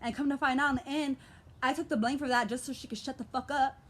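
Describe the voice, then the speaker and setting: A woman's voice: sits high, steady tone, fast talker. A young woman with an American urban vernacular accent, venting in a vlog, talking in a passionate, aggressive, profane way. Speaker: vlogger. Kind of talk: emotional vlog rant.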